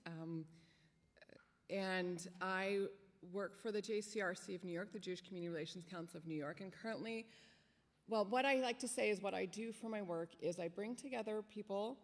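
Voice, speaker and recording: A woman who is a rabbi and Navy Reserve chaplain introduces herself at a teach-in in a thoughtful, gentle manner. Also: medium pitch. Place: event hall. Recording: reverberant hall.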